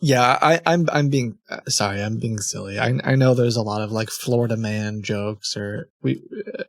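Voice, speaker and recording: A man's voice: fairly low pitch, normal speed, creaky, dry recording, studio quality. A young man chatting casually on a stream, rambling and correcting himself as he goes. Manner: rambling, self-correcting with restarts and short laughs. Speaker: scam-baiting streamer.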